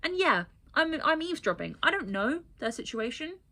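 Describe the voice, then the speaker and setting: A woman vlogging casually, telling an overheard story with animated, exasperated asides and mimicry. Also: high voice, moderate pace.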